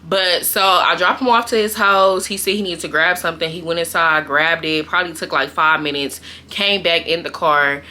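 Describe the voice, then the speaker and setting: Young woman, bright edgy tone, lowish voice, slangy storytime chat, animated with lots of fillers. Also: normal speed, hardly any pauses. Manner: animated, slangy, frequent fillers and quoted asides. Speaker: storytime vlogger.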